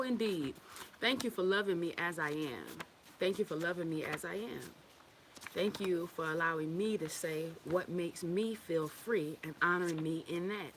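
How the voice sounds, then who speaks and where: A woman talks straight to her followers on a livestream. Her voice sits a little low, and she swears freely and laughs often. Under the profanity she is candid and affectionate, and a faint hiss runs behind her. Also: fairly bright tone. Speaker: women's wellness group leader. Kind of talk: casual livestream talk.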